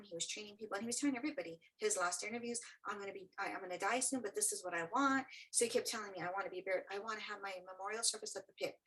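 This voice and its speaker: A woman's voice: mid-range voice, a bit bright, rough recording. A middle-aged woman, an interview guest, telling a personal story with earnest feeling and acting out what others said.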